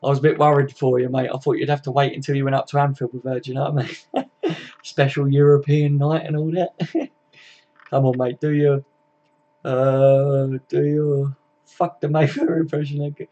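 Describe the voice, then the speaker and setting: A man's voice: mid-range voice, level tone, normal speed, warm tone, highs cut off. A man hosting a casual live stream, chatting laid-back with viewers, greeting them by name and swearing freely.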